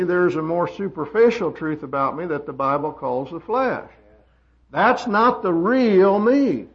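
A man preaching a sermon, swinging from loud emphatic peaks down to quiet asides. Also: animated, unhurried. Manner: emphatic, rising to loud high peaks then dropping quiet. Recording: dull lo-fi sermon recording.

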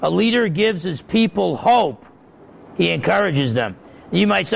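A man's voice: high-pitched, sing-song, a little slow, creaky, husky, low-quality recording. A man preaching as a pastor, making his points emphatically and repeating them, his voice climbing when he gets stirred up. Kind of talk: sermon.

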